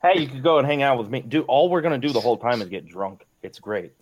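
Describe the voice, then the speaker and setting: A man's voice: medium pitch, expressive, fast, dry recording. A man co-hosting a casual gaming podcast, swearing playfully and ribbing his friends. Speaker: podcast co-host.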